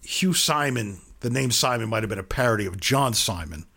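A man co-hosting a podcast, chatting casually about a film and often pausing on fillers. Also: lowish voice, expressive, vocal fry, bright, forceful tone. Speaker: podcast co-host.

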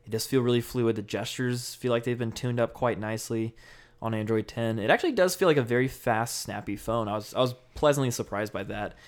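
A man's voice: mid-range voice, clean tone. A man hosting a casual tech podcast, rambling and laughing easily as he talks. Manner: relaxed, rambling, laughs often.

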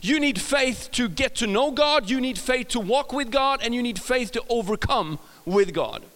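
A man's voice: extremely high pitch, animated, moderate pace, a bit bright, big-room sound. A man with a Swedish accent preaching a casual, joking sermon, often restarting his sentences and talking to the audience. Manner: chatty, self-correcting, jokes with the audience.

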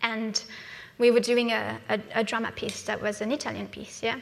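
A woman's voice: on the high side, little pitch movement, normal speed, gravelly. A woman from France, preaching a conversational sermon in a church and often asking "yeah?" as she goes. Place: church hall. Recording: long hall reverb.

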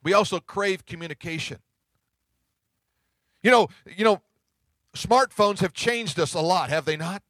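High-voiced pastor preaching conversationally. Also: male voice, unhurried, pauses often, dry recording. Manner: conversational storytelling preaching, drops to hushed tones. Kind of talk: sermon.

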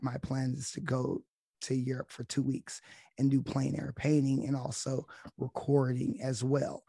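A man chatting as a guest on a podcast, relaxed and halting, with filler words. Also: mid-range voice, creaky, slightly rough, dry recording, clean studio sound. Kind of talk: casual chat.

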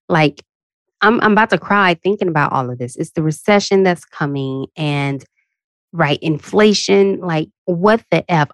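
A woman hosting her own podcast, venting candidly about being tired and worn out. She jumps up into high, animated asides when she quotes herself. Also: dry recording, studio quality. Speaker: podcast host. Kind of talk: casual solo podcast rant.

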